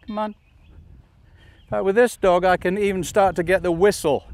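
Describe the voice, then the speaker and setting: A man's voice: high-pitched, normal speed, no echo. Coaxing male dog trainer outdoors. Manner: calm, coaxing commands to a dog between explanations. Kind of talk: instructional demonstration. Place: outdoors in a field.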